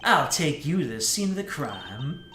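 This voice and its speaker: A man's voice: medium pitch, big pitch swings, measured pace, sharp tone, reverberant, a little hiss or hum. Klavier Gavin, a man doing a suave rock star drawl. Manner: smooth, drawling, calls everyone baby.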